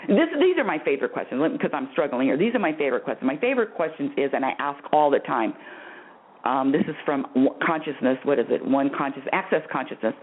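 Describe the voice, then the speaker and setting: An effusive woman hosting a call-in spiritual radio show. She talks with animated swings and frequent laughs and repeats her phrases for emphasis. The audio is thin and tinny, like a phone line. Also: a bass voice, fast, husky. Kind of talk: call-in radio advice talk.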